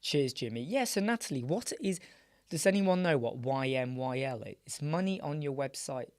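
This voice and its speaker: A British man hosting a casual live chat show, his voice a little croaky and weak, answering viewers by name. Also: medium pitch, expressive, moderate pace, a little mellow, no room sound. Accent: British English. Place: small dark soundproofed room.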